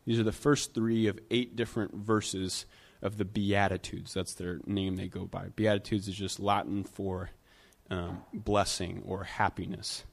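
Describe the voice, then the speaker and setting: A man's voice: deep voice, little pitch movement, measured pace, vocal fry. Conversational man preaching a sermon. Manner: conversational, rhetorical questions, builds emphasis. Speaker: pastor.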